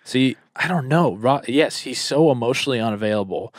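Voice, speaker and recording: A young man co-hosting a casual podcast chat, animated and teasing. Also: mid-range voice, a little fast, no room sound, clean studio sound. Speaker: podcast co-host.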